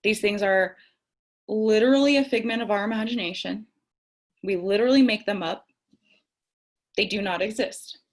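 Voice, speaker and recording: Talking candidly to camera about tarot and self-care, a young woman speaks in a mid-range voice at a moderate pace, leaving long pauses. Her reflective spiritual talk is conversational, and she laughs at herself now and then.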